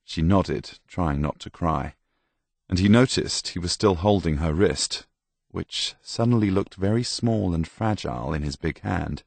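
A man narrating an audiobook in a very deep voice with a gravelly edge. His storytelling is measured and deliberate, taken at a slow pace. The recording is dry and close. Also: no room sound. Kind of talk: scripted narration.

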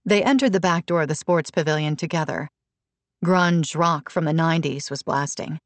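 A woman reading a novel aloud in steady, even scripted narration at a close mic. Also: low-pitched, moderate pace, no echo. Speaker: audiobook narrator.

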